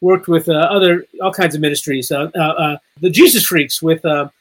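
A man's voice: a little high, moderate pace. A man in his sixties, a guest author on a podcast, talking in a playful, rambling way. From Chicago, Illinois area. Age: 60s. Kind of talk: casual podcast chat.

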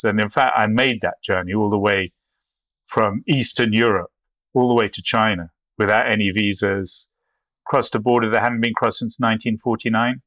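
A photographer appears as a guest, answering interview questions with long, wandering anecdotes that keep restarting and include acted-out quotes. His voice is fairly low and a bit bright, with a steady tone and moderate pace, recorded dry.

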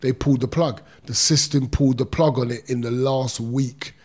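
A man's voice: mid-range voice, steady tone, moderate pace, darkish tone, breathy edge. A middle-aged man, a former boxer telling his own story in an interview, intense and emphatic, stretching words out and using street slang. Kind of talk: emotional personal storytelling.

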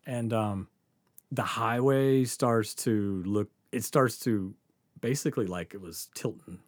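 A man's voice: fairly low pitch, takes it slowly, no echo, studio quality. A man casually telling a story, laughing often and swearing freely.

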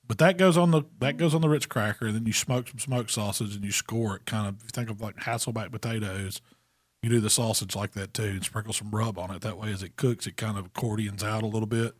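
Man, relaxed casual chat, explains things step by step, dry close sound. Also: lowish voice, fast, no room sound. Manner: easygoing, explains cooking step by step. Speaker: barbecue pitmaster co-host.

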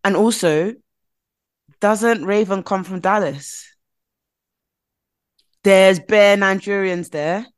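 A woman's voice: medium pitch, slow, pauses often, clear, resonant tone. A British woman chatting casually on a podcast, telling stories animatedly and acting out what others said. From Britain. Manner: animated storytelling with quoted voices. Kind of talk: casual chat.

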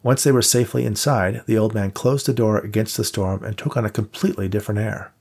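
Gravelly low-voiced male narrator. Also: steady tone, fast, a little mellow. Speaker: audiobook narrator. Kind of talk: scripted narration.

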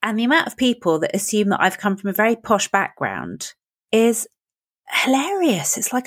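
A woman with a clear, crisp English accent hosting an interview, affirming and enthusiastic. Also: medium pitch, big pitch swings, moderate pace, dry recording, studio quality. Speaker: podcast host. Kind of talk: conversational interview.

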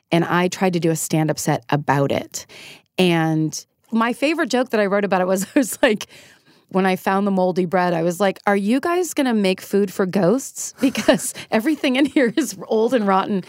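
A woman's voice: on the low side, a little mellow, clean tone, dry recording, clean studio sound. A middle-aged woman speaking candidly and self-deprecatingly as a guest in a casual interview, often laughing as she talks. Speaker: podcast guest.

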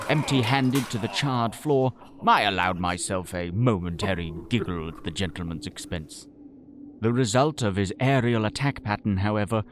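Low-voiced man in pompous storytelling. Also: background noise. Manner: pompous, florid Victorian gentleman's tone. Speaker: storyteller and sole voice actor. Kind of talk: scripted audio drama narration.

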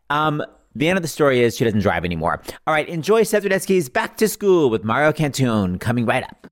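A middle-aged man hosting a talk show, telling a family anecdote in a casual, animated way and acting out the quotes. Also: a little fast. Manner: animated, acts out quotes in a high voice, laughs while telling. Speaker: podcast host. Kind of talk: casual storytelling.

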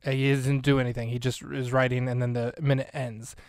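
Joking, rambling podcast host, smooth voice. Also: male voice, medium pitch, little pitch movement, brisk, a little mellow, no room sound. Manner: joking, rambling, self-interrupting. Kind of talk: casual comedic podcast commentary.

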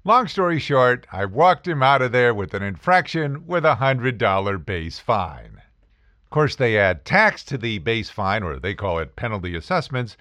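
This is an American man spinning casual, joking stories from his legal work. His pitch roams widely as he goes. The sound is close and dry, with no room around it. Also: big pitch swings, normal speed, sharp tone, no room sound. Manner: wry, joking, acts out quoted voices. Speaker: attorney podcast host. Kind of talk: casual storytelling monologue.

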